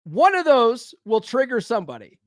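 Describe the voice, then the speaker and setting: A man with a very high voice and huge pitch swings speaks at a moderate pace on a studio-quality, echo-free recording. He hosts a casual solo talk on dating and self-improvement, blunt and profane throughout. Asking "right?" repeatedly, he challenges listeners with rhetorical questions.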